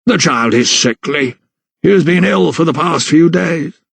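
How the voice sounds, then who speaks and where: A man voicing a haughty, scheming older male lawyer who speaks slowly and disdainfully. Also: a little high, animated, vocal fry, breathy edge, dry recording, pitched above the performer's own voice, exaggerated voice. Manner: slow, disdainful, clipped.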